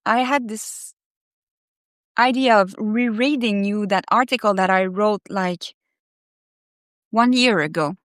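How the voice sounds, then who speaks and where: A woman's voice: a little high, dry recording, studio quality. A woman hosting a live stream, reading her own article aloud and commenting on it in a candid, effusive, profanity-laced way. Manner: animated and effusive.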